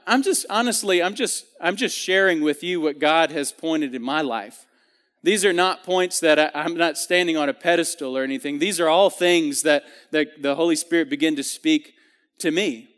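A man's voice: a little high, a bit bright, big-room sound. A man giving a sermon in a church, talking earnestly and conversationally with frequent restarts and fillers. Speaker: preacher. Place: church sanctuary.

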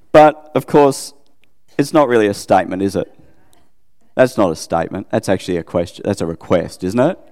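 This middle-aged Australian preacher keeps his sermon chatty and conversational, regularly checking in with listeners through questions and joking at his own expense. He speaks at a normal speed in a fairly low, slightly mellow voice, pausing often, with a long reverb tail behind him.

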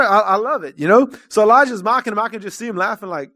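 A man preaching a sermon to his congregation. His delivery is earnest and conversational, and it swells into loud calls to the room. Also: high-pitched, fast, few pauses, no room sound, clean studio sound. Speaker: church minister.

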